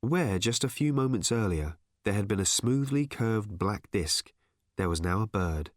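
A man reading an audiobook with expressive, wry storytelling. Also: fairly low pitch, unhurried, dry recording, clean studio sound. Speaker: audiobook narrator. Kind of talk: scripted narration.

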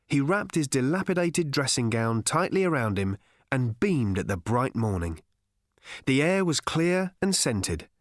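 A man narrating an audiobook in a dry, measured, wry storytelling manner. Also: mid-range voice, no echo.

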